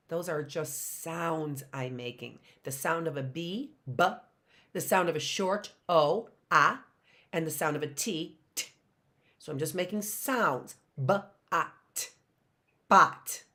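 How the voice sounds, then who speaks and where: A middle-aged woman teaching a phonics lesson to young children, slowly sounding out words and spelling them letter by letter. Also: low voice, a bit bright. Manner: slow, sounding out words syllable by syllable.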